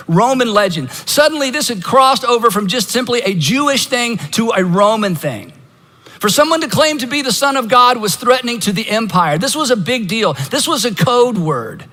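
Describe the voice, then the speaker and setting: A man preaching a sermon, retelling a story dramatically and dropping to hushed, intimate tones for emphasis. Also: very high-pitched, long reverb tail. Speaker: pastor.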